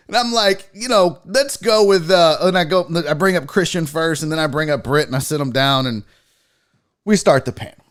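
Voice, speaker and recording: A man hosting a sports talk show, telling a story in a casual, profane, animated way and acting out what others said. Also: on the high side, moderate pace. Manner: animated, profane, acts out quotes. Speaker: podcast host.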